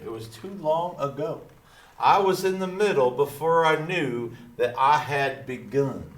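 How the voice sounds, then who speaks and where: In a classroom with roomy echo, a male teacher imitates a drawling small-town cartoon dad, folksy and proud, as he reads through a lesson. His voice sits a little high for a man, and he leans on stock catchphrases in a slow Texan drawl.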